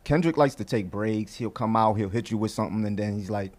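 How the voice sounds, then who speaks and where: A man weighing in as a co-host on a sports podcast, his voice sitting fairly low. He talks in a relaxed, measured way, thinking his points through as he goes. The tone stays conversational throughout. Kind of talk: casual sports talk.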